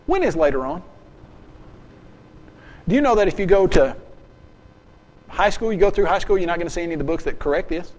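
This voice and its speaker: A man giving a seminar lecture. He is lively and emphatic, acts out little dialogues and keeps firing questions at his audience. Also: fairly high pitch, fast, long pauses. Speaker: seminar speaker. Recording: long hall reverb.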